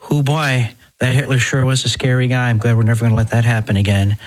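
A man's voice: mid-range voice, flat delivery, quick pace, close to an everyday voice. A man mocking a flippant old author. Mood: mock-breezy. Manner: sarcastic, mock-casual.

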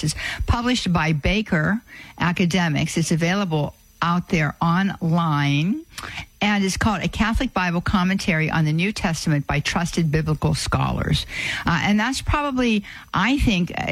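A woman hosting a call-in radio show, giving advice in a halting way with many fillers and restarts. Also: on the low side, no echo, low-quality recording.

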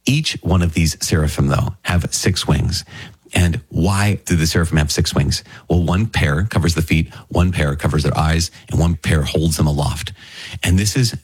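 Deep husky-voiced man teaching scripture. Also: normal speed. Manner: earnest, enthusiastic, addresses listeners directly. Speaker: Catholic Bible teacher.

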